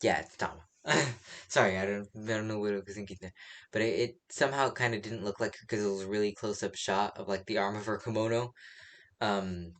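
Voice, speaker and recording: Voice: low voice, fairly even intonation, a little fast, a bit bright. A comic fan recapping a new chapter in a loose, rambling way, full of fillers and restarts. They chuckle at their own mistakes and drift into personal opinions as they go. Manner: rambling, many fillers, laughs at own slips. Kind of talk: casual spoken recap and opinion.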